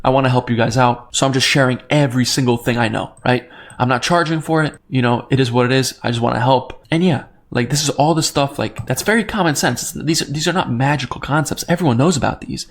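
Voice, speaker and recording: Over a screen share, a young man walks through crypto trading charts, excitable and repetitive. He keeps checking in with "right?" and his pitch jumps up whenever he hits a key point.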